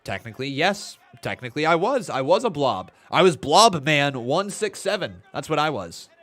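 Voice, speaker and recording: A man's voice: on the high side, sing-song, moderate pace, sharp tone. A man in his twenties chatting on a live stream, reading chat aloud and calling play-by-play, a little tired and yawning. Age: 20s. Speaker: watch-along streamer.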